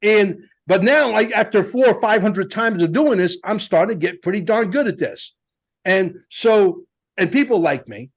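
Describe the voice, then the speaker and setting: A man hosting a casual podcast, talking in a lively, emphatic and blunt way. His voice sits fairly high for a man, and he tells his stories with energy. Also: normal speed. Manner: animated storyteller, emphatic and blunt. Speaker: podcast host.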